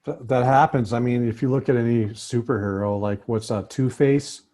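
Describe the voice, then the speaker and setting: A man's voice: medium pitch, fairly even intonation, moderate pace, warm tone. A man hosting a casual political chat, joking and loose, with mild swearing. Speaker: host.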